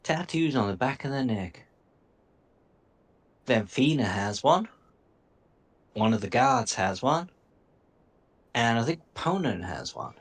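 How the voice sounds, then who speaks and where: A man's voice: medium pitch, lively intonation. Dude doing a cowboy-ish lookout guy, drawly, mid voice, keeps an eye on u. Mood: watchful. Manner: slow, drawling and watchful.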